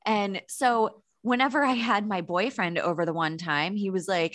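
A woman co-hosting a casual chat, frank and quick to laugh, reading listener stories. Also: medium pitch, a bit bright, no room sound, studio quality. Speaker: podcast co-host.

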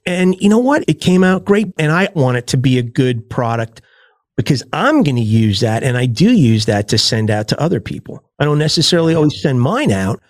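A man's voice: medium pitch, sing-song, brisk, no echo, clean studio sound. A man, a podcaster guest in a casual interview, talking emphatically and repeating words for stress.

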